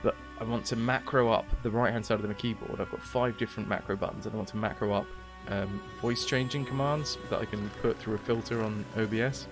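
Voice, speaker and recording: A man giving casual commentary while he plays a game on a stream. He rambles and jokes between moves, in a fairly low voice. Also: fairly even intonation, a little fast, hardly any pauses, over music. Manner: rambling, chatty, jokey.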